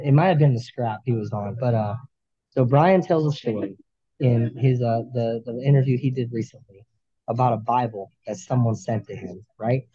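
A man speaks earnestly as a podcast guest, restarting his sentences as he works through his thoughts. His voice is very dark and husky. The recording is dry and a bit dull. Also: medium pitch, dry recording. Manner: earnest, halting, many restarts. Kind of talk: candid interview talk.

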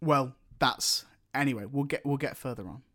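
A man in casual chat, opinionated and animated as he rants. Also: mid-range voice, moderate pace.

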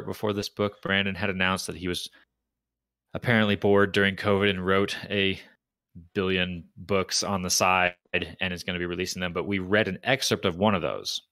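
With a deep voice that barely moves in pitch, this man speaks at a moderate pace in a pushed, bright tone, with no echo. He's a podcast co-host in a casual book discussion, working through ideas thoughtfully and hesitantly with frequent restarts.

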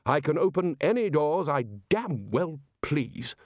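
A man's voice: fairly high pitch, big pitch swings, unhurried, no echo, clean studio sound, pitched above the performer's own voice. A man voicing a bluff, commanding older male wizard who lords it over his colleagues. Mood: blustering. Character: loud blustering older male wizard head.

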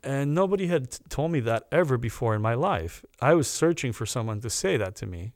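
A man, a podcast guest, telling a personal story in an earnest, animated way and acting out the people he quotes. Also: mid-range voice, a little fast, no room sound, studio quality.

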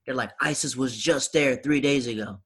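A man in his thirties from the American South, chatting casually and telling animated stories. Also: medium pitch, moderate pace, slightly rough. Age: 30s. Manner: animated storyteller, acts out quoted voices. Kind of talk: casual chat.

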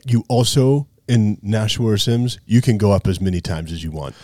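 Low-voiced montana guy, laid back podcast chat, dry close mic. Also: normal speed, no room sound. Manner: storytelling, relaxed and conversational. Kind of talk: casual chat.

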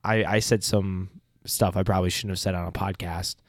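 A young man co-hosting a podcast, telling stories in a lively, laughing way and swearing casually. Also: low-pitched, normal speed, no echo, studio quality. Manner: animated storyteller, laughs often, swears. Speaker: podcast co-host. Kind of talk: casual chat. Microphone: podcast mic.

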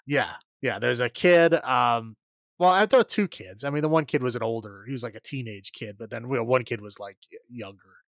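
A man's voice: medium pitch, lively intonation, brisk, a bit bright, dry recording, clean studio sound. A man co-hosting a podcast, recapping a horror movie in a rambling way with lots of fillers and laughs. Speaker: podcast co-host. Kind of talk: casual movie recap chat.

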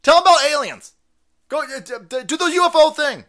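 A man doing a frantic, panicking schemer who sputters high, urgent orders. The voice sits raised and tense, tripping over its own words. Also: fairly quick, pushed and bright. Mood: panicked.

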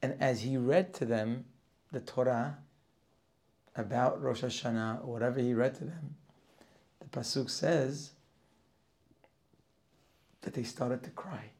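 During a Rosh Hashanah Torah class, a man with a medium-pitched voice reads Hebrew verses and translates each one in turn. His pace is measured with long pauses, and he rises in pitch and volume as he continues.

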